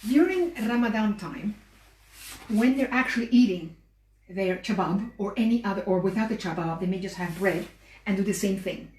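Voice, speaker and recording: A woman's voice: medium pitch, moderate pace, darkish tone. Woman teaching cooking, roomy distant sound. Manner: patient, explanatory, talks while working with her hands. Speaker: cooking show host. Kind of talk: live cooking demonstration. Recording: roomy, distant mic with faint ambience.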